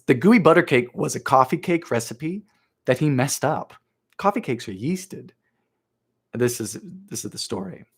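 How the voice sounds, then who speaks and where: A man's voice: medium pitch, husky. A young man from Bermuda, chatting playfully as he hosts a live baking stream from his kitchen. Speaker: baking show host. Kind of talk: casual live-stream chat while baking. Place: home kitchen.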